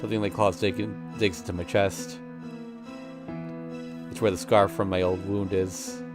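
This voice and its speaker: A man's voice: deep voice, level tone, measured pace, over music. A man streaming, reading a visual novel aloud in an intense, emotional first-person narration.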